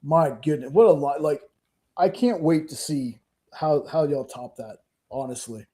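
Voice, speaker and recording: A man's voice: fairly high pitch, unhurried, dark tone. A man co-hosting a live comics hangout stream, chatting casually and enthusiastically, often repeating himself. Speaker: podcast co-host. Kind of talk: casual chat.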